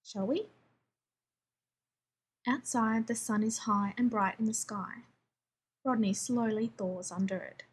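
A woman reading a story aloud as scripted narration, in a steady, even storytelling manner. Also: on the high side, measured pace, breathy edge. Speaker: story reader.

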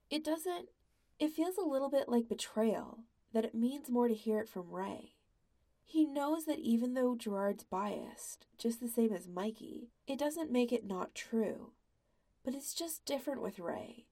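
A woman reading a fan fiction story aloud in a quiet, even, intimate narration. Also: on the high side, measured pace, vocal fry. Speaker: podfic reader.

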